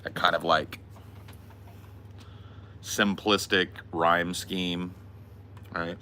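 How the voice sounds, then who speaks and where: A man's voice: low-pitched, little pitch movement, extremely slow, sharp tone, a little hiss or hum. A young man live-streaming outdoors, chatting loosely with his chat in a rambling, offhand way. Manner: loose, rambling, sprinkled with laughs and filler. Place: outdoors in hot weather.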